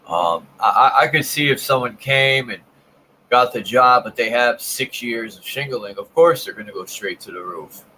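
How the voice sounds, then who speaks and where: A man's voice: medium pitch, lively intonation, normal speed, bright, forceful tone, slight background noise, poor audio. A man in casual chat, bluntly recounting his work experience with plenty of swearing. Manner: blunt and profane, tells work stories.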